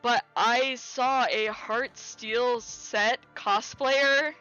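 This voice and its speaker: A young woman streamer chatting casually, telling a story with lots of fillers, restarts and excited quoted lines. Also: a little high, drawn-out words, smooth, highs cut off, soft background music. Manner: animated, rambling with many fillers and restarts, quoting people in raised voice.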